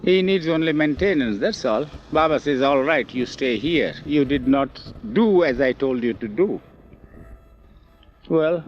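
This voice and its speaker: An older man telling memories in an oral history interview, animated and acting out the quoted speech, recorded outdoors on old film. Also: a little high, slight background noise. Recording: dull lo-fi 1970s film audio.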